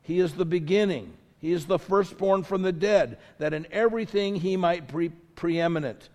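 A man preaches in a church sanctuary, his voice sitting high with a darkish tone, moving at normal speed with few pauses. His sermon rises in intensity, leaning on emphatic repetition to build his points. Long reverb from the large hall is audible throughout.

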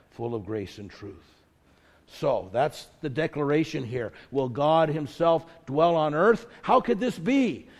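A man's voice: mid-range voice, a little mellow. Man preaching in a reverberant hall. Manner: preaching with rising intensity, emphatic repetition. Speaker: pastor. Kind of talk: sermon. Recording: long reverb of a large hall.

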